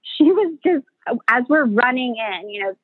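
A midwife, a woman, chats as an interview guest, telling birth stories in an animated way, full of fillers and acting out what people said. Her pitch is fairly high and her pace moderate. The sound is dry and tinny, like a phone, with no room sound.

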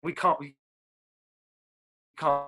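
A male guest chats in a relaxed, halting way and often restarts his sentences. His voice sits slightly high. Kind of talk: casual interview chat.

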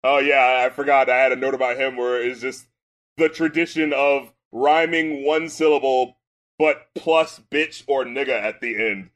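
A man who is a music critic and rapper, co-hosting a podcast in casual, profane chat and swinging from low mumbling to excited shouting. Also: normal speed.

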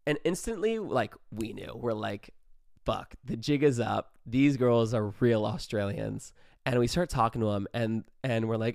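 A young man hosting his own show, telling a profane, animated party story and acting out every quote in his own voice. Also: medium pitch, normal speed, vocal fry, no room sound, studio quality. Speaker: podcast host. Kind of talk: casual storytelling.

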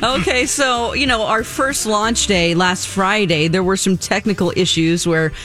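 A woman co-hosting a morning radio show, telling an animated story and laughing as she talks. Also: mid-range voice, unhurried. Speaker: radio co-host. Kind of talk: casual radio banter, ranting story.

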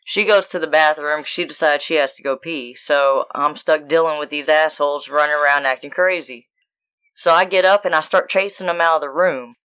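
Woman co-host, bright crisp voice, profane animated storyteller, casual chat. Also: low voice, normal speed. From United States. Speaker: podcast co-host.

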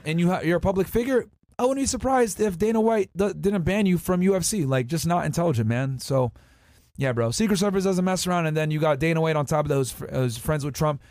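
A man's voice: high voice, a little mellow, dry recording. A man hosting a podcast, chatting casually in slangy, laid-back talk. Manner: slangy, laid-back, calls listeners "bro". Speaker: podcast host.

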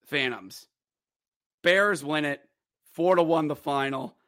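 A man hosting his own hockey podcast, recapping games in an animated, joking way and breaking into loud shouts. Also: on the high side, slow pace, no echo, clean studio sound. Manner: excitable, jokey, acts out players' voices with sudden loud shouts. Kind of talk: animated solo sports recap.

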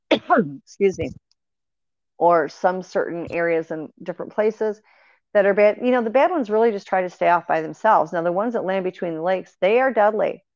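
With a darkish tone and a mid-range voice at normal speed, a guest shares her paranormal experiences in casual storytelling. She's earnest and rambling, using fillers and restarts, and the dull, dry lo-fi recording has no room sound.

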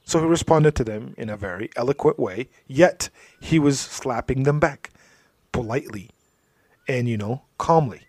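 A man's voice: medium pitch, moderate pace. A man giving a religious talk, telling stories in a conversational way with frequent asides. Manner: storytelling, drops to soft asides, frequent "you know". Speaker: Islamic speaker.

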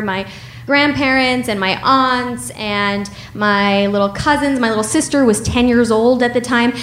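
Slow, wry woman storyteller. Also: on the high side, slight background noise. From United States. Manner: wry, laughing, unhurried. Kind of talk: personal storytelling.

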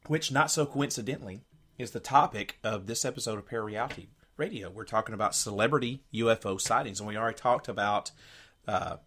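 A US man co-hosts a radio podcast, chatting casually, rambling a little and reading quotes aloud from his notes. His voice is lowish, quick, slightly bright and husky.

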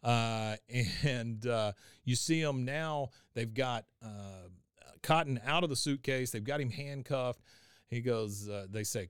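A man's voice: medium pitch, slow, smooth, dry recording, clean studio sound. Man recapping a cartoon with gusto. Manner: animated retelling, acts out lines, laughs often. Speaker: podcast host. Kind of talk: casual recap of a cartoon episode.

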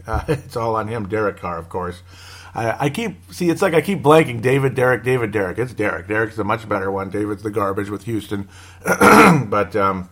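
A man's voice: lowish voice, fairly bright tone. A man hosting a casual solo sports show, rambling through team news with wry asides and chuckles. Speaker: sports podcast host.

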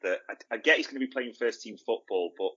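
A man's voice: mid-range voice, fast, bright, forceful tone, breathy edge, highs cut off. A man co-hosting a football podcast in casual chat, blunt and opinionated, asking and answering his own questions. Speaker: podcast co-host.

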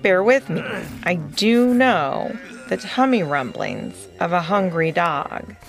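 A woman voicing a brave, flying male dog hero who speaks in a calm, commanding, coaxing way. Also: lowish voice, slow, gravelly, soft background music, heavily acted. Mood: reassuring.

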